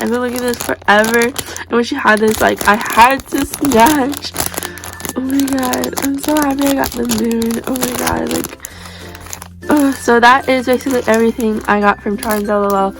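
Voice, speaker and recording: A young woman chatting casually as she unboxes squishy toys, gushing and gasping with excitement. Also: on the high side, moderate pace, noisy background. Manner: excitable, gushing, breathless gasps.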